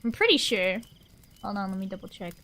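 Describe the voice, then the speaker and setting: A woman's voice: medium pitch, expressive, fairly quick, sharp tone. A young woman streamer chatting casually with her live audience, rambling and answering chat aloud.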